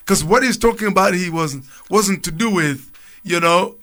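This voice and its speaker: A man's voice: sits high, moderate pace, fairly bright tone. A man on a radio program reading Bible passages aloud and explaining them in a loose, conversational way. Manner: reads scripture aloud, then comments with restarts and chuckles. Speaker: church speaker on a radio program.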